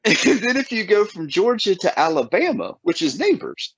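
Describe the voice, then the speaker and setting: A man's voice: high-pitched, moderate pace, vocal fry, husky, dry recording, dull audio. A man from Southern Ohio with an Appalachian accent, hosting a casual chat and restarting his sentences often. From Southern Ohio, USA. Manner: animated, stumbling restarts. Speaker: podcast host.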